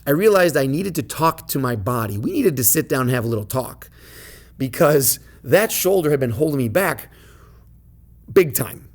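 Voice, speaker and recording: A man in his thirties hosting a podcast, telling a personal story in a casual, animated way. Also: mid-range voice, moderate pace. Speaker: podcast host.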